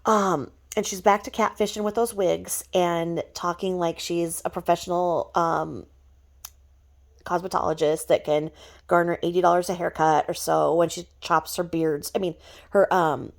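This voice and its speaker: A woman with a low, creaky voice vents in a gossipy vlog rant. She mocks her target openly and keeps dropping into hushed whispered asides. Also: fairly even intonation, normal speed. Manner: mocking, drops to whispered asides. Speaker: vlogger.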